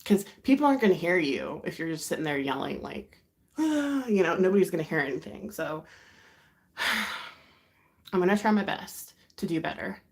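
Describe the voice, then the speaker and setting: Sex: woman. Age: 30s. Origin: United States. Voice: lowish, with gravelly fry. Style: rambling, confiding live chat. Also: lively intonation, moderate pace. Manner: rambling, confiding, with sighs and soft laughs. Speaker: livestream host. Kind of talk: casual chat.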